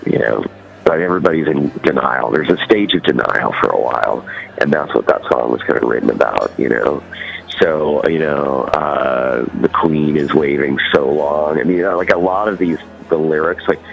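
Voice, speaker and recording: A man's voice: rumbling low, moderate pace, creaky, poor audio. A man with a Californian accent, a musician guest chatting loosely in an interview, rambling and full of fillers. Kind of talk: casual interview chat.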